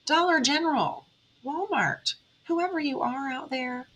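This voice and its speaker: Woman, spiritual vlogger; bright, higher voice; earnest, emotional pep talk. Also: unhurried, a little hiss or hum, low-quality recording. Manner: earnest, emotional, talks straight to viewers. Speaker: tarot reader and spiritual vlogger. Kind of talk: heartfelt motivational monologue.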